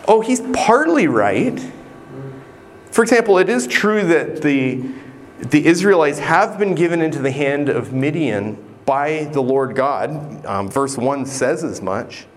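A man's voice: a little high, expressive, unhurried. A man preaching a sermon in an earnest, conversational way, sometimes restarting a phrase. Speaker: pastor.

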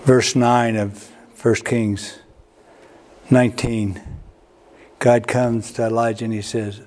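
A man preaching a sermon, telling a story with restarts and repeated words, his pitch jumping upward at emotional peaks. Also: level tone, slow, pauses often, a little mellow. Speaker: pastor.

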